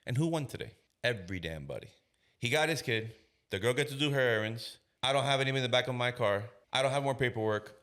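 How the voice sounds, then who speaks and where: A police officer in his thirties tells a story on a podcast, using casual slang in a mid-range voice. He's an animated storyteller who acts out the voices of everyone he quotes.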